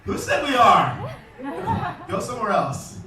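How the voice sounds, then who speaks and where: Guy with a high voice running a gator show, teasing the crowd, echoey and far from the mic. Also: huge pitch swings, slow pace. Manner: joking, teasing and quizzing a crowd; calls out loudly to the audience. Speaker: alligator show presenter. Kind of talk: live comedic animal demonstration. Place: outdoor show arena. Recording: echoey, distant outdoor recording with faint noise.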